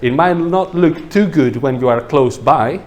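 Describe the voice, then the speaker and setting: A man's voice: on the high side, a little slow, a little mellow. Joking, chatty male workshop speaker. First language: not English. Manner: chatty and joking, checks in with the audience. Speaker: workshop speaker, landscape architect. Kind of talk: casual lecture to a workshop audience.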